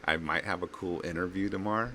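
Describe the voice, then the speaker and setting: Easygoing deep-voiced male guest. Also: fairly even intonation, a crowd in the background. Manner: easygoing, quick to laugh. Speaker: co-host guest. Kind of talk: casual live stream chat.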